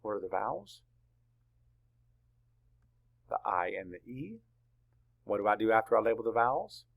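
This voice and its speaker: A man teaches spelling to small children, dictating deliberately one letter at a time and answering his own questions. His fairly low voice is very animated, with noticeable vocal fry.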